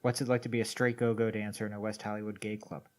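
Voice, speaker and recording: A man's voice: on the low side, flat delivery, fast talker, a little mellow. A man co-hosting a casual podcast chat with a dry, sarcastic manner. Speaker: podcast co-host.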